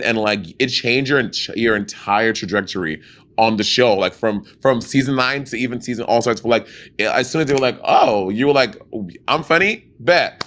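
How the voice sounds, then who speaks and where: A man's voice: mid-range voice, fairly bright tone. A man from Saint Lucia co-hosting a podcast, chatting casually with lots of fillers. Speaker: podcast co-host. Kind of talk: casual chat.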